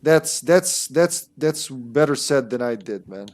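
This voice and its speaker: A man's voice: medium pitch, expressive, slow, a little mellow. A young man giving casual, rambling gameplay commentary as a streamer, with critical asides and mild swearing.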